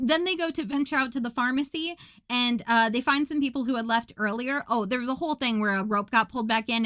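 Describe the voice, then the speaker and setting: A woman's voice: fairly high pitch, fairly bright tone, no echo. A woman co-hosting a podcast, recapping a film in a sarcastic, joking way and laughing often. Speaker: podcast co-host.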